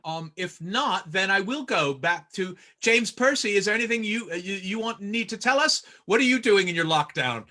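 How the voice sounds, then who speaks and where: A man hosting a casual video-call reunion, joking and stammering with quick laughs. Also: high-pitched, lively intonation, bright, forceful tone. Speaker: host.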